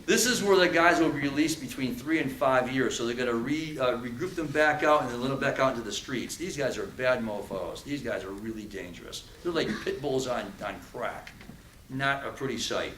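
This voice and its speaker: A man giving an animated talk to a live audience, telling prison stories and acting out threats. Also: medium pitch, normal speed, echoey room, distant mic, a little hiss or hum, rough recording. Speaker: speaker. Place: event room with audience.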